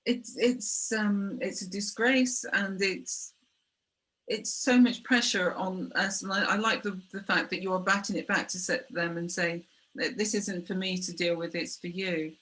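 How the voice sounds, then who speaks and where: A woman's voice: medium pitch, fairly even intonation, unhurried, fairly bright tone, poor audio. Hesitant middle-aged woman hosting. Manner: hesitant, with many fillers and restarts. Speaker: host. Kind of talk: conversational interview.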